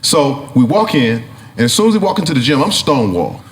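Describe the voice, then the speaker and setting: A man, a talk show guest, telling a story in a profane, excitable way and acting out scenes. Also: mid-range voice, brisk, roomy sound, slight background noise.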